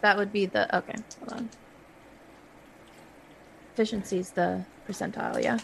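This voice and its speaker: A woman's voice: mid-range voice, fairly even intonation, normal speed, gravelly, slight background noise. A woman playing a tabletop role-playing game, asking questions in a hesitant way. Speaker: player. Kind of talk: casual game table chat.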